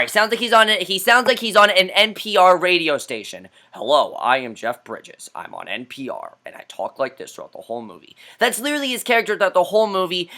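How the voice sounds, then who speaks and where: Bright-voiced man ranting about a film. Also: high voice. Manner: exasperated, blunt and profane. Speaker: film reviewer.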